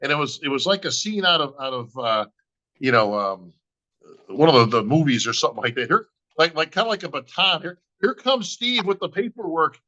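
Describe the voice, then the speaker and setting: Middle-aged guy on a podcast, kinda high bright voice, telling a story and doing all the voices. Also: big pitch swings, brisk, lo-fi sound. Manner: acts out both sides of conversations, says "bro" and "right?" constantly. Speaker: bodybuilding show emcee.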